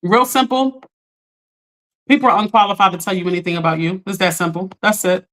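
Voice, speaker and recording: A woman's voice: mid-range voice, fairly even intonation, a little fast, fairly bright tone. A woman hosting a casual coaching livestream, talking straight to her viewers in a chatty, direct way.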